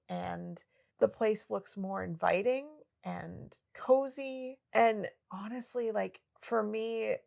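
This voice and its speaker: A woman co-hosting a podcast, chatting about a novel in a relaxed, digressive way and laughing often. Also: mid-range voice, vocal fry. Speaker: podcast co-host. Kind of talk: casual book discussion.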